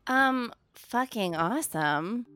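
A woman's voice: on the high side, animated, slow, a bit bright, smooth. A woman playing her character at a tabletop game, earnest and playful. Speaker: player.

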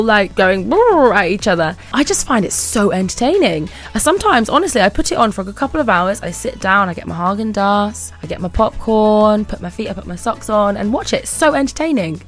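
A giggly woman answers questions in a loose, chatty way. Her pitch leaps around, and she keeps breaking into laughter and quick put-on voices. Soft music plays faintly behind her. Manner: bubbly, laughs often, acts out little voices. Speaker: interview guest, model. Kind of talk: casual chat answering questions.

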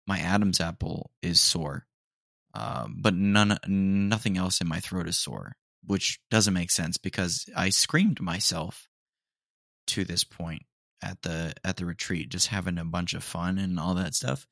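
A young man hosting a podcast, chatting casually and rambling, his voice a little hoarse. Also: deep voice, unhurried, dry recording, clean studio sound. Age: young adult. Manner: rambling, relaxed, many fillers. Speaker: podcast host. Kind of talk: casual solo chat.

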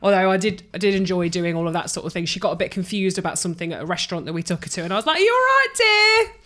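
A woman's voice: on the low side, fairly even intonation, racing. A woman, co-hosting a casual podcast and telling a joking story among friends. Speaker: podcast co-host.

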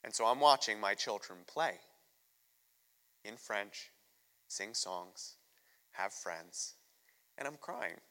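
Bright-voiced emotional American preacher. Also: male voice, on the low side, lively intonation, slow, long pauses. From United States. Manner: candid, emotional storytelling. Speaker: missionary guest preacher. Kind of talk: sermon. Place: church sanctuary. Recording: long reverb of a church hall.

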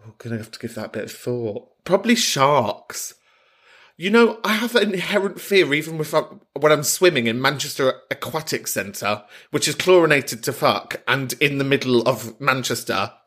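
A man's voice: mid-range voice, normal speed, few pauses, a bit bright. A man hosting a podcast, answering listener voice notes with mock-grumpy sarcasm and lots of swearing. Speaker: podcast host. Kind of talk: comic reply to voice notes.

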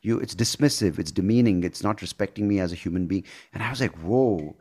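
A man's voice: sits low, fairly quick, darkish tone. A man, hosting an interview and earnestly reflecting on his own experience. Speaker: host. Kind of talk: conversational interview.

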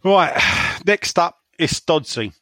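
A man's voice: on the high side, expressive, slow pace, fairly bright tone, no room sound, clean studio sound. A man from England hosting a casual podcast, reading out listener questions in a rambling, sweary way and laughing often. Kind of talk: casual chat.

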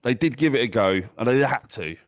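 A man co-hosting a football podcast, blunt and sweary in animated banter with his mate. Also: mid-range voice, a little fast. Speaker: podcast co-host. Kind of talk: casual football chat.

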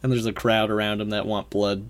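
A podcast co-host with a mid-pitched voice chats casually about a cartoon. The talk is loose, with frequent laughs and quick reactions. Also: little pitch movement. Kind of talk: casual chat.

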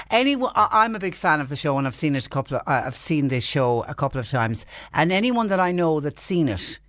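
A man hosts a casual radio segment, his voice on the higher side and dry in the studio. He keeps things friendly and relaxed, steering the talk with questions and quick replies. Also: no room sound. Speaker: radio host.

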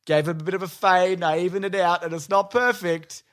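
A man's voice: high-pitched, steady tone, brisk, a bit bright. A man, co-hosting a casual chat, laid-back and self-mocking, who swears casually. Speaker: podcast co-host.

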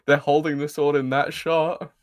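A man's voice: a little high, little pitch movement, normal speed. Giggly, rambling man recapping a show. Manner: giggly, rambling, swears freely. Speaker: podcast co-host recapping an episode. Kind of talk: casual chat.

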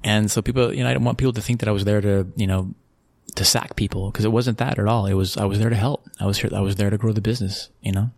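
A man's voice: on the low side, steady tone, quick pace, darkish tone, no echo, studio quality. An American man from Texas telling stories in a casual interview, rambling with restarts and frequent chuckles. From Texas, USA. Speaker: interview guest, football club executive.

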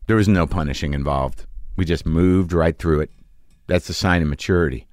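A man's voice: sits low, moderate pace, darkish tone, dry recording, clean studio sound. A man in his late forties hosting a podcast, telling a rambling, self-mocking comic story and then chatting with a guest. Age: late 40s. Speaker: podcast host. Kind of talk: comic monologue and interview. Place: home studio.

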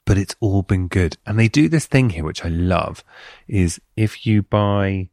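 A deep-voiced British man hosts a podcast in a loose, chatty way that keeps bouncing up and down in tone. He is recorded on a close mic in a dead, dry room. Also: measured pace, dry recording. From United Kingdom. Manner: chatty and playful, with lively swings in pitch. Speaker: podcast host. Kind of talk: casual chat.

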